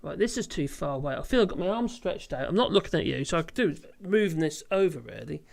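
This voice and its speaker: A casual livestream host reads viewer comments in a live chat, rambling, laughing often, and swearing freely. The voice is mid-range, expressive, and fast, with a creaky, slightly mellow quality.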